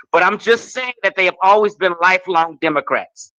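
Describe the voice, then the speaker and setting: Brief: high, bright-voiced man arguing hotly online, dry and dull audio. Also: brisk, hardly any pauses, dry recording. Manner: reads aloud, curses, cuts in. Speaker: debate guest. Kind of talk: heated live debate.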